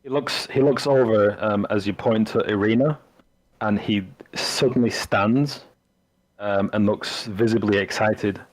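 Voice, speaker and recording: Casting: a low-voiced man narrating as game master, halting and casual. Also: steady tone, low-quality recording. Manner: halting, full of fillers and restarts.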